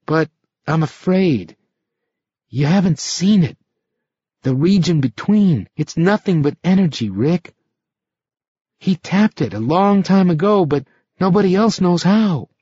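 A nervous young hitchhiker, as a male storyteller puts him on, voice pitched up and pleading with worry in an audiobook reading. The recording sounds dry and a little muffled. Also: big pitch swings, normal speed, a little mellow, breathy edge, no echo. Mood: fearful, pleading. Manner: anxious, pleading, hesitant. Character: frightened young male hitchhiker, shape-shifter.

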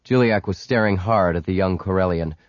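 A man reading a story aloud in scripted narration, steady, with quiet, clipped lines for the hero. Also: low-pitched, fairly quick, no room sound. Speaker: audiobook narrator. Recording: dry, dull lo-fi audiobook recording.

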